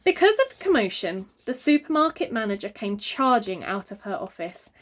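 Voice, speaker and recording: A woman reading a children's book aloud, very expressive and adding sound effects. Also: medium pitch, moderate pace. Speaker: reader. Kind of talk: storybook read-aloud for children.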